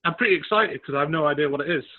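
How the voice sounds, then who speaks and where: Brief: male co-host, wry and teasing, husky, phone-quality line. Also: a little high, rapid-fire. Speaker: podcast co-host. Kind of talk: casual chat.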